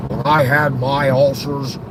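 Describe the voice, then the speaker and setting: A man's voice: medium pitch, level tone, unhurried, close to an everyday voice. A man doing an impression of a crotchety, grumpy old man who gripes and sneers, over car road noise. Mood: scoffing. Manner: gruff, kvetching, sneering.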